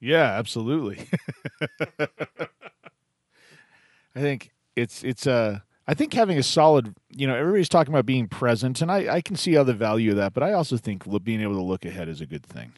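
A man's voice: medium pitch, animated, fairly quick, a little mellow, no room sound, studio quality. A man hosting a call-in radio show, chatting with callers. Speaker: radio host.

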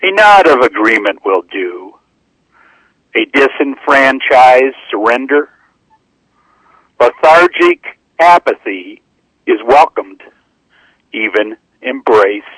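A man calling in to read his poem aloud in a slow, measured recitation, heard over a phone line. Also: medium pitch, wildly swooping pitch, fairly bright tone, no room sound. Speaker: caller reading a poem. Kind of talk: poetry reading over the phone.

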